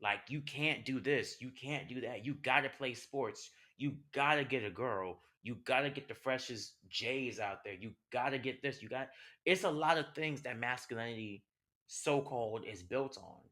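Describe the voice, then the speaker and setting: Passionate young man, bright voice. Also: medium pitch, normal speed. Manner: passionate, conversational, rhetorical questions. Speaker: podcast host. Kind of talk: personal monologue.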